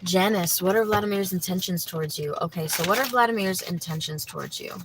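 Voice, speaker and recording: A woman's voice: lowish voice, a little fast, noisy background. A woman doing a livestream tarot reading, chatty and full of fillers, talking to her viewers by name. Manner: chatty, many fillers like "you know" and "like"; laughs easily, talks to viewers by name. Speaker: tarot reader.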